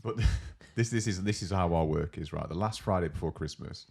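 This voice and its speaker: A young man with a low, deep voice chats on a casual podcast. He tells workplace stories with gusto, acting out his coworkers' lines and swearing freely. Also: brisk, creaky, darkish tone, husky. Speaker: podcast co-host. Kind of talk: casual chat.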